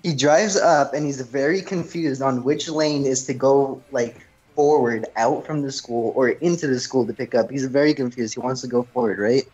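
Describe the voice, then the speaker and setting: A man's voice: medium pitch, normal speed, darkish tone, muffled recording. A young man chatting casually at home, telling a long rambling story and saying "freaking" a lot. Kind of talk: casual chat.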